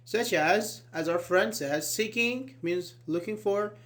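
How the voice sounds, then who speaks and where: A man's voice: high-pitched, a bit bright. Man teaching a live grammar class. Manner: explains slowly, asks students questions, repeats key words; fillers like "actually" and "uh-huh". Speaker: English teacher.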